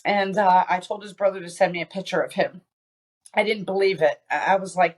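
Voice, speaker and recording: A woman with a fairly low voice speaks as a podcast guest, telling a personal story. She talks haltingly, with frequent "um"s and restarts, as she recounts what happened. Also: fairly even intonation. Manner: halting, many fillers and restarts.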